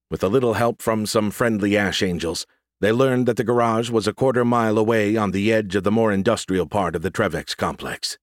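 A man narrates an audiobook in a steady, measured voice on the low side. The recording is close and dry, with no room sound. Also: no room sound.

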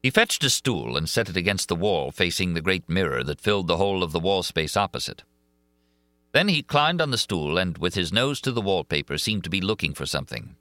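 A man narrating a classic novel as an audiobook, in an expressive reading style. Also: deep voice, fairly quick, no echo. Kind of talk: scripted narration.

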